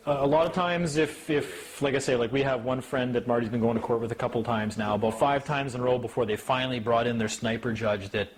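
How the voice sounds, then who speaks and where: A man in casual talk to a small group, an animated storyteller who mimics officials in a higher voice. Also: noisy background. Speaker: speaker.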